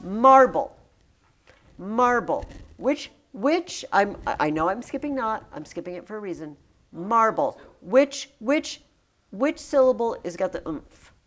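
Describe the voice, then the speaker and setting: A woman's voice: mid-range voice, very animated, measured pace. A woman teacher leading a classroom poetry lesson, reading verse aloud and chanting the rhythm of the lines.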